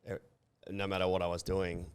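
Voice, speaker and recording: A man's voice: low voice, monotone, normal speed, slight background noise. A man hosting a podcast, talking bluntly and swearing casually. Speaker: podcast host.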